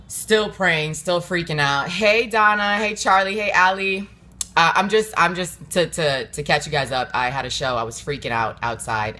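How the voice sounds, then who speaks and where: A woman's voice: low voice, bright, forceful tone, a little hiss or hum. A woman hosting her own show in a casual motivational chat, earnest and encouraging, talking straight to viewers with loose fillers and repeats. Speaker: host.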